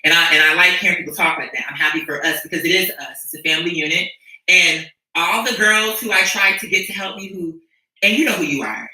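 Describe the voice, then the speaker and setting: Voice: mid-range voice, a little fast, bright, forceful tone. A streamer and musician chatting casually with viewers, rambling, sassy and profane, often restarting sentences. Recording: echoey room, mic at a distance.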